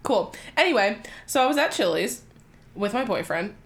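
A young adult woman co-hosting a podcast, telling a funny story in an animated, profane way with lots of asides. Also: mid-range voice, moderate pace. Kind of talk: comedic storytelling.

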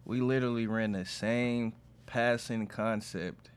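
A young man co-hosting a casual football podcast, relaxed and slangy as he breaks down plays. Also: fairly low pitch, unhurried, smooth. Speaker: podcast co-host. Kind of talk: casual sports chat.

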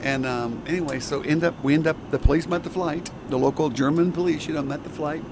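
A man's voice: fairly high pitch, a little fast, background noise. A man flight attendant recalling an in-flight incident in a hesitant, rambling way. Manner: hesitant, many fillers and restarts. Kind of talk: casual storytelling.

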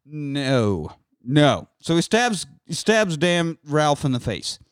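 Guy on a podcast swearing his way through a movie recap, kinda high voice, does all the lines. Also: takes it slowly, smooth, no echo, studio quality. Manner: animated storytelling, acts out movie lines, swears freely. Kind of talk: casual profane chat.

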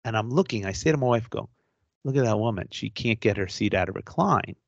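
A man co-hosting a podcast, telling a story in an animated, exasperated rant with some swearing. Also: on the low side, brisk, vocal fry, dry recording, muffled recording. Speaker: podcast co-host. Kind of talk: casual storytelling chat.

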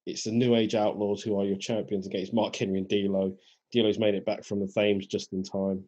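A man's voice: fairly low pitch, little pitch movement, moderate pace, dark tone, muffled recording. A man co-hosting a podcast, chatting casually in a laid-back way and walking through the show's events. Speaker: podcast co-host. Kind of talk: casual chat.

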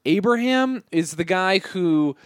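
A man's voice: sits high, expressive, slow pace, clear, resonant tone, dry recording, studio quality. A man co-hosting a casual, crude comedy chat, rambling and swearing freely while he has the hiccups. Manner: profane, rambling, jokey. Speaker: podcast co-host.

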